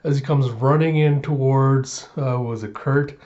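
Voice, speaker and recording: A man hosts a casual reaction video in a mid-range voice and retells the story with lively enthusiasm. He laughs often as he goes. The recording is slightly muffled and lo-fi. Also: medium pitch, measured pace. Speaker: host of a reaction channel.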